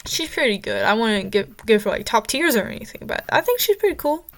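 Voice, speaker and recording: A woman's voice: a little high, sing-song, fairly quick. Young woman rambling casually, lots of likes and ums, very opinionated. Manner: chatty and opinionated, with frequent fillers and stumbles. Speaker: vlogger ranking characters.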